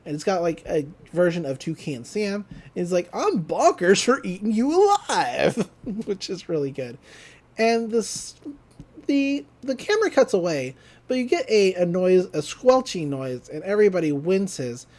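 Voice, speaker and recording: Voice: medium pitch, lively intonation, moderate pace, darkish tone. A podcast co-host in a casual recap who rambles, laughs often and acts out the lines.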